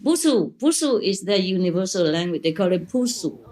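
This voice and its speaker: A woman's voice: fairly low pitch, expressive, a little fast, darkish tone. Woman, spiritual teacher; playful, gushing, laughs often; imperfect English. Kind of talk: answering questions at a gathering.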